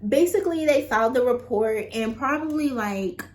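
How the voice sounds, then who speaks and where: Young woman, higher voice, casual storytime chat, lots of fillers, talks to viewers. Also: animated, normal speed. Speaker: vlogger.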